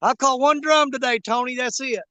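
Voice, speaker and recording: A man's voice: very high-pitched, steady tone, moderate pace, bright, forceful tone, no room sound. A man hosting his fishing channel, chatting casually and jokingly with his viewers from outdoors by a river. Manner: rambling, folksy, jokey, with frequent fillers. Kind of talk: casual live-stream chat to viewers.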